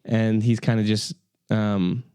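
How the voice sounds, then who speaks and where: A man's voice: lowish voice, steady tone, takes it slowly, warm tone, clear, resonant tone, no echo, clean studio sound. A man hosting a casual podcast chat, rambling with lots of fillers. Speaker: podcast host.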